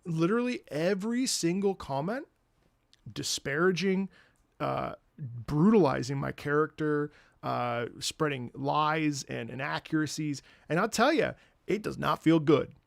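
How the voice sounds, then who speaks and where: Man, streamer, casual rambling talk, lively swooping pitch, dry sound. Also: unhurried, creaky, dry recording. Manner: rambling, repeats words, swears, bursts into laughter.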